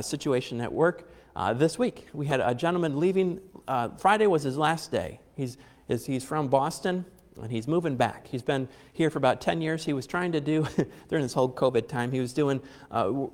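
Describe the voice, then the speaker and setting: A man's voice: on the high side, in a large hall. A man preaching a conversational sermon, repeating phrases for emphasis and chuckling now and then.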